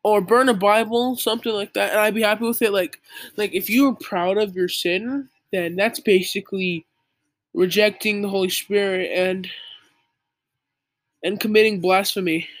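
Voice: mid-range voice, fairly even intonation, moderate pace, no room sound. Earnest young speaker preaching casually. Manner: earnest, informal, many "like" fillers, lecturing the listener. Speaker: young believer giving religious advice. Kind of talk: casual preachy monologue to camera.

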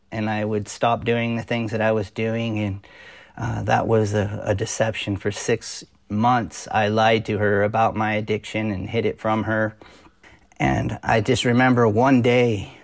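A man's voice: fairly low pitch, little pitch movement, gravelly, no echo. Earnest pastor telling his testimony. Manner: earnest storytelling, halting with frequent fillers and restarts. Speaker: pastor, podcast guest. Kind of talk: personal testimony in a podcast interview.

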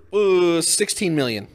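Animated, swearing man co-hosting a podcast. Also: high voice, slow. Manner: animated, swears freely, laughs easily. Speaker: podcast co-host. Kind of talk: casual chat.

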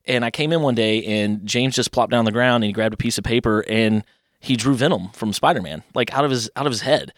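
A man's voice: medium pitch, fairly quick, no room sound, studio quality. A man in his thirties from Kentucky, a podcast guest telling rambling childhood stories and animating the voices of people he quotes. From Louisville, Kentucky. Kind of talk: casual interview storytelling.

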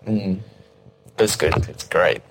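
Man, low voice, relaxed music chat, faint background noise. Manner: relaxed, measured, many fillers. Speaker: podcast co-host. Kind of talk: casual music review chat.

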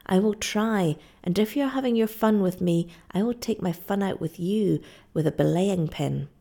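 A woman reading aloud and voicing a rough, hard-drinking male sailor who talks bluntly, loudly and mockingly. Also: medium pitch, moderate pace. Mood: gruff.

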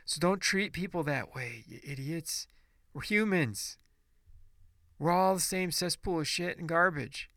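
A man's voice: a little high, a little slow, a bit bright, no room sound, clean studio sound. A man ranting in a casual monologue podcast, blunt and profane, preachy and rambling with restarts.

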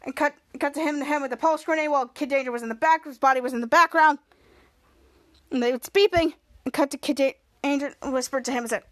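A woman hosting a podcast, retelling a TV episode scene by scene in a halting, repetitive way with frequent restarts. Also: high-pitched, steady tone, fairly bright tone. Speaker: podcast host. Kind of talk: casual episode recap.

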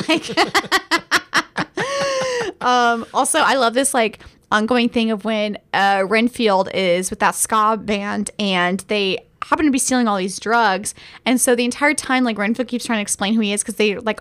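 Chatty higher-pitched woman retelling movie scenes. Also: moderate pace. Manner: animated, retells scenes with quoted lines and laughter. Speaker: podcast co-host. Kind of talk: casual movie review chat.

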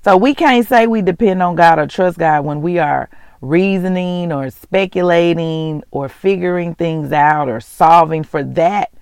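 A faith vlog host speaks in a casual, chatty way, calling listeners y'all and laughing often. The voice is gravelly and sits in a middle pitch. The sound is dry and close. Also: darkish tone, dry recording. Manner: earnest and heartfelt, often moved to tears. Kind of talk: casual devotional talk.

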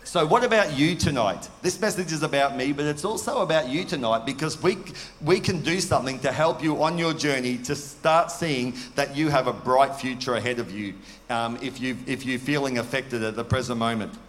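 A man's voice: medium pitch, normal speed, fairly bright tone, slight background noise. Earnest preacher man in a reverberant hall. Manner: earnest, conversational preaching with rhetorical questions. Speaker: pastor. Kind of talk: sermon.

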